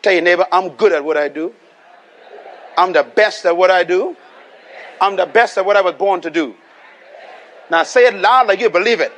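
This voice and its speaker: Speaking in a high, slightly bright voice at a moderate pace with frequent pauses, this Bahamian preacher delivers a live sermon to a congregation. He hammers his points, repeats lines, and asks listeners to respond and echo him, over slight background noise.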